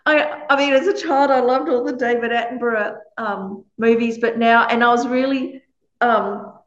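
A woman's voice: mid-range voice, roomy sound, highs cut off. A woman giving an earnest, conversational Buddhist teaching, full of chatty asides. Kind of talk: conversational dharma talk.

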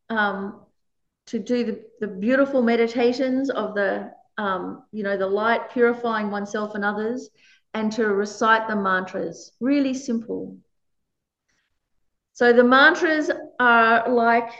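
A woman's voice: a little high, roomy sound, lo-fi sound. A woman giving a conversational dharma talk as a meditation teacher. She laughs often while she teaches.

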